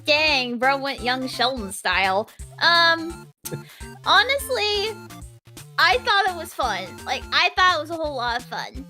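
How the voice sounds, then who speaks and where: A woman's voice: high-pitched, very animated, measured pace, pushed and bright, soft background music. A woman voice actor chatting casually and playfully on a live stream. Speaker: voice actor guest.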